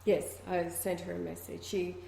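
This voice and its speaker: A woman's voice: on the low side, little pitch movement, moderate pace, vocal fry, dark tone, a little hiss or hum. A woman co-hosting a talk show in casual chat, prompting her guest with questions. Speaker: radio show co-host. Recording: echoey room.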